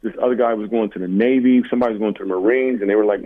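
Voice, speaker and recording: A comedian from Michigan telling stories in a casual interview, animated and self-deprecating. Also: male voice, on the low side, racing. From Michigan, USA. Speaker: comedian guest. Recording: tinny phone-like line.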